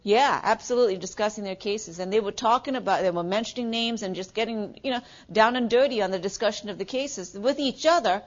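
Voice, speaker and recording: A woman's voice: medium pitch, fairly quick, few pauses, muffled recording. A middle-aged woman giving a classroom lecture as a nursing instructor, talking conversationally, asking the class questions and saying "okay" often.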